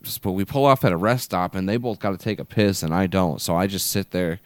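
Deep-voiced man, smooth, rambling storyteller. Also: fairly quick, dry recording. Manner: rambling anecdotes with heavy swearing and filler. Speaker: podcast co-host. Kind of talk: casual chat.

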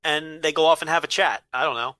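A man's voice: fairly high pitch, fast talker, pushed and bright, no room sound. A man co-hosting a podcast in casual chat, dry, blunt and wisecracking. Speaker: podcast co-host.

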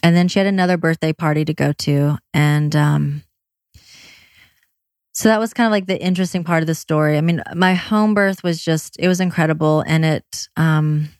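A woman candidly telling her own birth story, quick and blunt, with swearing and many fillers. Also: low voice, steady tone, darkish tone, dry recording, clean studio sound. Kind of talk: personal storytelling.

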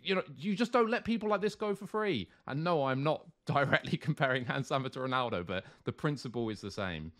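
A man's voice: medium pitch, a little fast, few pauses. A man on a podcast, ranting heatedly, swearing and mimicking other people's voices. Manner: animated, swearing, mock-quoting others in put-on voices. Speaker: co-host. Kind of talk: heated casual podcast rant.

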